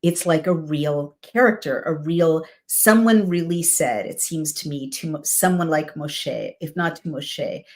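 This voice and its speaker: Reading scripture at a measured pace with hardly any pauses, this deep-voiced woman breaks off for personal reflections. Her asides are conversational, sprinkled with "right?" and "you know."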